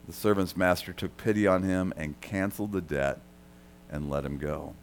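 A man preaching a sermon, talking straight to the congregation, dropping to a quiet murmur and then rising loud for emphasis. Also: normal speed, slight background noise. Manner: swings from soft and quiet to loud and high for emphasis; conversational, addresses listeners directly. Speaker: pastor.

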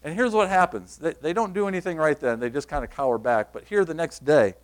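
A man's voice: on the high side, fairly quick. A man preaching a sermon in a conversational, emphatic way, repeating key phrases and asking the congregation questions. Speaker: pastor.

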